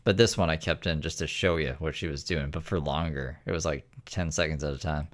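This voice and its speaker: Deep-voiced man riffing on clips. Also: steady tone, fairly quick. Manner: joking, profane, chatty asides. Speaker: streamer reacting to clips. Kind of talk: casual commentary on clips.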